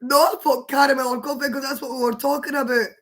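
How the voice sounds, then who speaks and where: A woman hosting a casual live chat, hoarse from laughing and fighting off fits of giggles. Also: sits high, steady tone, fast talker. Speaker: livestream host.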